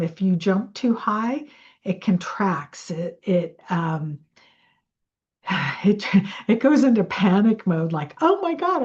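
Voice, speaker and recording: A woman coach with a mellow, soft-edged voice talks at an unhurried, drawn-out pace. She rambles a bit and corrects herself as she teaches and guides listeners through slow breathing. The recording is slightly muffled. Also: mid-range voice. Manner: chatty and rambling, with self-corrections. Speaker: money mindset coach.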